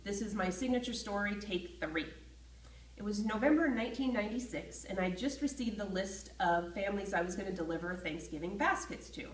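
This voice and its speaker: A woman telling a personal story in a lively way, acting out her own feelings as she goes. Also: mid-range voice, a little fast, slight background noise. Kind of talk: personal story told to camera. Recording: roomy echo, voice from a distance from the mic.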